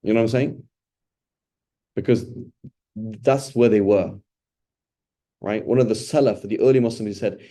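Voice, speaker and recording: A man teaching an informal Quran study session, his voice low-pitched and very mellow and warm. He talks conversationally and keeps asking rhetorical questions. He often checks in with a quick "right?". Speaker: religious teacher.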